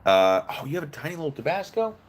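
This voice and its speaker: A man's voice: fairly high pitch, sing-song, fast talker. A man giving opinionated, casual commentary on a legal case, breaking it down step by step while eating.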